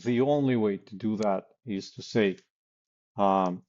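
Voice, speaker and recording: A man's voice: lowish voice, measured pace, darkish tone, muffled recording. A man coaching on sales calls in a blunt, casual way, with many fillers and acted example lines. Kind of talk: casual instructional talk.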